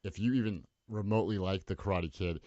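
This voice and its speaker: A man's voice: deep voice, fairly even intonation, fast talker, darkish tone, no room sound. A middle-aged man co-hosting a casual sports podcast, talking with enthusiasm and acting out characters when he tells a story. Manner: enthusiastic, acts out characters in quotes. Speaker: podcast co-host. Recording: dull, dry lo-fi podcast mic.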